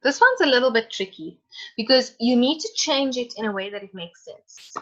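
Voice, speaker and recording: A woman's voice: fairly high pitch, animated, moderate pace, fairly bright tone, dull audio. A woman teacher giving an online class lesson, calling on students by name and encouraging them. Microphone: video call.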